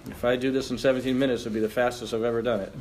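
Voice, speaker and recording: A man preaching a sermon as pastor, joking with the congregation and reading scripture aloud in an animated way. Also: medium pitch, rapid-fire, slight background noise.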